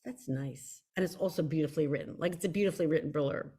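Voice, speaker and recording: A woman's voice: sits low, fast, warm tone, breathy edge. A woman with a Philadelphia accent, an author hosting her own video show, chatting effusively to viewers with many restarts and repeated words like "very, very.". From Philadelphia area. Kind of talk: casual chat to viewers.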